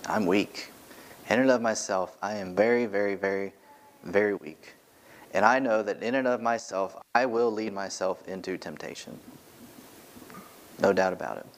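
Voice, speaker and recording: Male pastor, church sermon, earnest and emphatic, repeats his points, somewhat low voice. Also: moderate pace, long pauses. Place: church sanctuary, from the pulpit.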